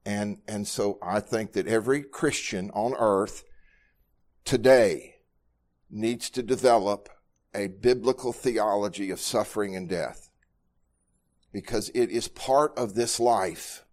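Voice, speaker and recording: A man's voice: fairly low pitch, slow, a little mellow. A middle-aged man, a pastor, teaching a Bible study sermon in an earnest way, often repeating words as he speaks.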